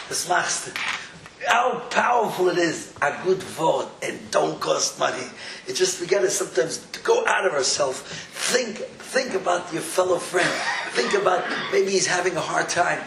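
High-voiced man, animated storytelling preacher, echoey room with faint background hum. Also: moderate pace. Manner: animated, laughing, mixes Yiddish and Hebrew words. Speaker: Jewish inspirational speaker. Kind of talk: storytelling sermon.

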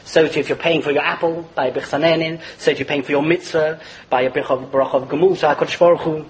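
A man teaching a Torah class in a lively lecture, chuckling as he explains and mixing Hebrew and Yiddish terms into his English. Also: a little high, fast, low-quality recording. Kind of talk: animated religious lecture.

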